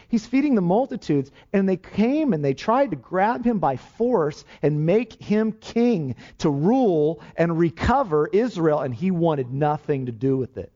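Lively preacher man, lo-fi recording. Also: on the high side, measured pace, hardly any pauses. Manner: emphatic preaching with rhetorical questions. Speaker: pastor. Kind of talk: sermon. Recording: dull, lo-fi sermon recording.

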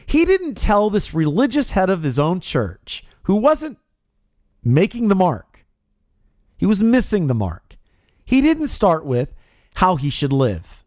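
A man preaching an expository sermon, with emphatic stresses that rise high and drop low. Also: wildly swooping pitch, slow, a little mellow, no echo, clean studio sound.

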